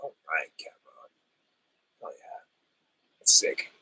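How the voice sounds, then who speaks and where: A man hosting a casual livestream, reading chat and answering viewers, his voice still rough as he recovers from a cold. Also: takes it slowly, bright, forceful tone, slight background noise, low-quality recording. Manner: laid-back, chatty, laughs often, says "hell yeah".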